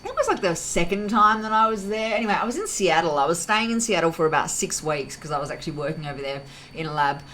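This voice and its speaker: A woman talks to camera in a loose, wandering monologue, stopping to correct herself and reach for words. Her voice sits low for a woman but swings widely in pitch. Faint background sound sits under her voice. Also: big pitch swings, quick pace, hardly any pauses, bright, forceful tone, slight background noise, poor audio. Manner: rambling, self-correcting, heavy use of fillers. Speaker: vlog host. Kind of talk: casual reflective monologue.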